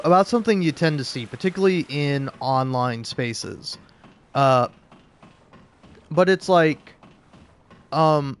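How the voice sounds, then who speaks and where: A young man musing aloud while playing a game, halting and rambling with frequent filler words and restarts. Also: mid-range voice. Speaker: gaming video creator.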